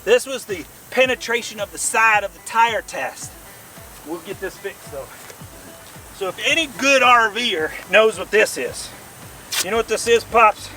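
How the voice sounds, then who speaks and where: Excitable folksy man with a bright, high voice. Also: measured pace, distant mic, faint music behind. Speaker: RV vlog host. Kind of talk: casual outdoor demo vlog. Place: outdoors by a vehicle.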